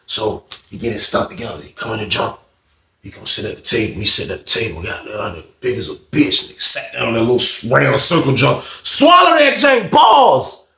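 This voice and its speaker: A man telling a casual storytime tale, in an animated, slangy and profane way, acting out other people. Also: on the low side, quick pace, creaky, roomy sound.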